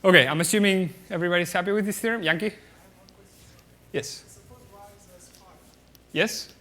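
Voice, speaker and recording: A man's voice: sits high, normal speed, sharp tone. A man giving a mathematics lecture at a conference, explaining step by step with many fillers and often checking the audience with "okay?".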